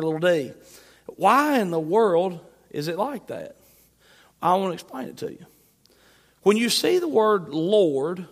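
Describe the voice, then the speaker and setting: A male pastor preaching a Sunday sermon, emphatic, swinging between loud and soft. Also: fairly high pitch. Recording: long hall reverb.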